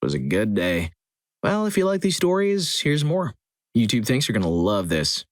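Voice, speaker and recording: A man reading out short stories in a steady, scripted storytelling delivery. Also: fairly low pitch, moderate pace, dry recording. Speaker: story channel narrator. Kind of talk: scripted narration of reader stories.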